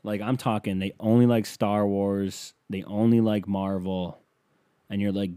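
A man's voice: on the low side, level tone, unhurried, dark tone, clean tone, no room sound, studio quality. A man ranting as a comedian in a profane, sarcastic, rambling monologue.

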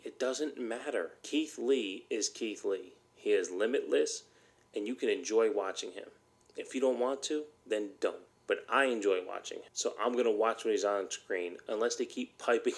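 A man's voice: mid-range voice, gravelly. A man hosting a solo podcast, ranting bluntly and heatedly, swearing often. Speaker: podcast host.

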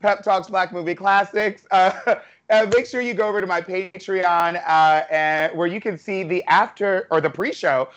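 Playful high-voiced male host, lo-fi. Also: normal speed. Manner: playful, teasing, lively. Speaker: podcast host. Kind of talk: casual chat.

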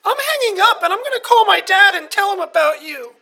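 A woman playing a whiny, easily offended young millennial caller who grows indignant and shouts. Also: extremely high pitch, animated, moderate pace, exaggerated voice, poor audio. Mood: outraged. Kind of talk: comedy sketch acting.

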